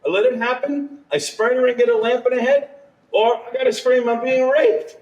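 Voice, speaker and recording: A man telling a ghost story to a live audience, animated and laughing through his own tale. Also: very high-pitched, fairly quick, lo-fi sound. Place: curiosity shop event with live audience. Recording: echoey room, far from the mic.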